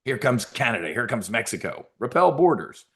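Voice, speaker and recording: A man's voice: medium pitch, sing-song, a little fast, fairly bright tone. A middle-aged man hosting a trading show, giving blunt, profane, rambling live market commentary.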